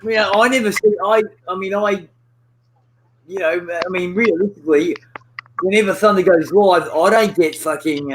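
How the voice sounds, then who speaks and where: A man's voice: on the high side, low-quality recording. A man chatting casually on a livestream, rambling and ranting with constant swearing. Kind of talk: casual chat.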